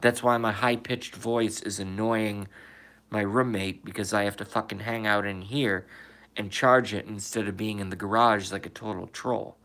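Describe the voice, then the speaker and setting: Low-voiced man ranting on a livestream. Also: steady tone, moderate pace, fairly bright tone. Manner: reads viewer comments aloud and answers them, swears, emphatic rhetorical questions. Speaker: livestream host reading chat. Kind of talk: casual livestream rant. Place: indoors, in his room.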